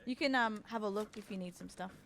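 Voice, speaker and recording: A woman's voice: medium pitch, fast talker, fairly bright tone, slight background noise. A woman livestreaming a game, chatting casually and reassuringly with her viewers. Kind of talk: casual gaming stream chat.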